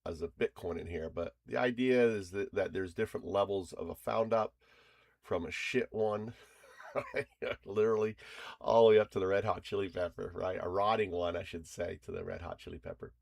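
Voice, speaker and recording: A man casually walking through a screen demo of his own framework, loose and rambling with restarts and chuckles, bursting into excited energy at times. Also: low voice, normal speed, vocal fry, no echo, studio quality. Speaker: founder presenting his own startup framework.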